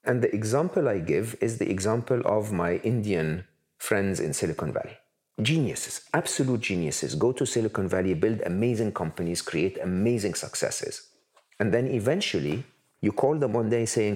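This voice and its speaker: A man with a low voice talks through his points in an interview, stressing them with repeated phrases and lists. His delivery is emphatic and steady. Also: moderate pace. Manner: emphatic, repetitive lists for effect. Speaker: interview guest. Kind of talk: conversational interview answers.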